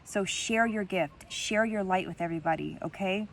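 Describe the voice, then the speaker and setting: Heartfelt and encouraging, this woman gives her viewers an intuitive message reading, repeatedly asking "okay?" and addressing them as "you guys." She speaks at normal speed with a medium-pitched voice, and her delivery is emotional.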